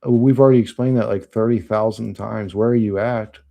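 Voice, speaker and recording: A man's voice: lowish voice, steady tone, brisk, gravelly, mellow. A man on a livestream, reading chat comments and answering them in blunt, profane, rambling talk.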